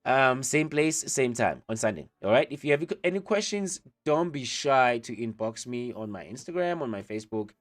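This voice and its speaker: A man giving a casual online language lesson, relaxed and chatty, with many pauses and filler words. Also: mid-range voice. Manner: relaxed, chatty, many ums and you-knows. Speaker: language teacher.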